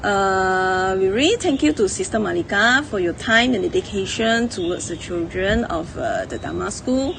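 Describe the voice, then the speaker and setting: A woman's voice: medium pitch, animated, moderate pace, creaky, few pauses, fairly bright tone, slight background noise, low-quality recording. A woman giving an informal, rambling spoken tribute as a dharma school parent.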